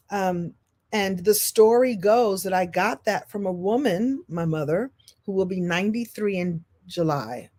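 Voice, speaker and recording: A woman in her sixties from Brooklyn speaks as a storytelling coach. Her motivational talk is lively and goofy. She laughs often and drops into quick impressions. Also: mid-range voice. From Brooklyn, New York. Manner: playful, animated, laughs often, slips into impressions.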